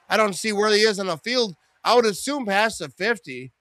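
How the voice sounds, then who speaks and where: Hosting a live watch party of a football game, a man with a fairly high, sharp voice rambles, cracks jokes, and reads out viewers' comments, shouting them out by name and erupting into excited play-by-play on big plays. He talks at normal speed, close to a dry mic with no room sound or echo.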